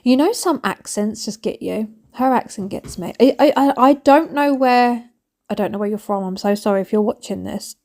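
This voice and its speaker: A woman's voice: mid-range voice, moderate pace, a little mellow. A woman in her thirties, chatting casually and mocking herself with rambling asides while she cleans her home. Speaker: cleaning vlogger.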